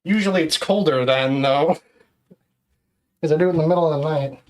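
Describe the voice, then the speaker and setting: A man's voice: fairly high pitch, normal speed. A man streaming live, chatting casually and counting exercise reps aloud while out of breath.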